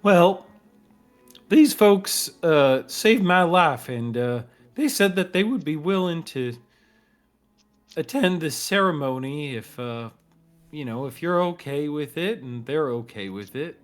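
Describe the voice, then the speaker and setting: A man's voice: a little high, animated, slow pace, pitched above the performer's own voice. A man voicing Thorn, an earnest male cactus guide with a drawling country manner. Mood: folksy. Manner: drawling country talk, y'all-style folksiness.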